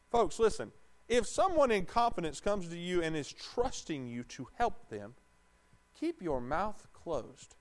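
A man's voice: sits high, sing-song, a little slow. A man preaching a conversational sermon in a church, asking the congregation rhetorical questions.

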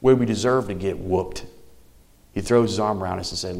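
A man in his thirties preaching a sermon, swinging between loud, emphatic lines and soft, near-whispered ones. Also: deep voice, a little fast, creaky. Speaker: pastor.

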